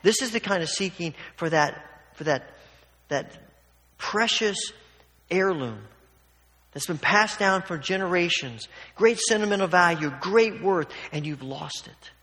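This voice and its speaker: A man's voice: high voice, expressive, a little slow, pushed and bright. A man preaching a sermon in a conversational, emphatic way, acting out the quotes he reads. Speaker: pastor. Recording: long hall reverb.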